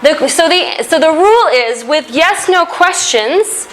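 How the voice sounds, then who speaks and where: A woman teaching an English grammar lesson, explaining step by step with a slow, deliberate delivery and occasional fillers. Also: high voice, animated, fairly bright tone, slight background noise, rough recording.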